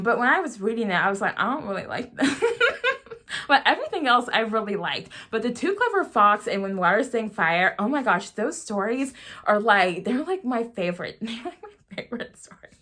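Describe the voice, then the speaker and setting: A woman's voice: mid-range voice, sharp tone. A young woman reviewing her favorite books in a casual vlog, gushing and giggling, with lots of "like" and "oh my gosh". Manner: gushing, giggly, heavy use of "like". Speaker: book vlogger.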